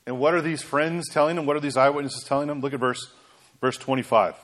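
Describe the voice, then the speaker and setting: Emphatic male preacher, animated. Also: mid-range voice, fast talker. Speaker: pastor. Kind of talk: sermon.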